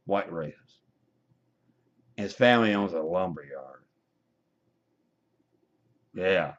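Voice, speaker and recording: A man's voice: sits low, animated, unhurried, pauses often, muffled recording. A man delivering a profane, combative, preachy rant to his webcam. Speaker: vlogger. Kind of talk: ranting webcam monologue.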